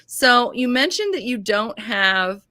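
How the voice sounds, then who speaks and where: Gushing, animated woman host with lively pitch. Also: takes it slowly, no echo. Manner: bubbly, gushing, laughs often. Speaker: book channel host. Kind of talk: live-stream casual chat.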